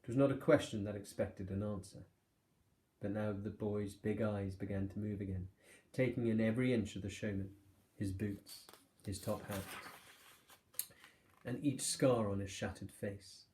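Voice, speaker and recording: A man's voice: on the low side, moderate pace. Male teacher reading a story aloud. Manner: steady, expressive storytelling. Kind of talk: reading a children's novel aloud. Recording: echoey room.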